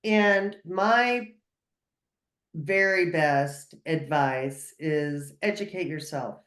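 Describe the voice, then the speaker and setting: A woman's voice: low voice, extremely slow, fairly bright tone, roomy sound. A woman speaking as a guest on a video call, giving earnest, emphatic, encouraging advice.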